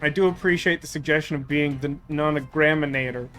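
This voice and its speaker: A man riffs casually over a game in a bright, fairly high voice. His talk rambles and mocks himself. Faint game music plays under him. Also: fairly even intonation, brisk. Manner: joking, rambling, self-deprecating. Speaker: let's play host.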